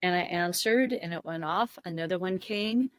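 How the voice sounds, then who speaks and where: A woman telling a deeply personal story as a podcast guest. She is tearing up and speaks in a halting, heartfelt way, with pauses and restarts. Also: no echo.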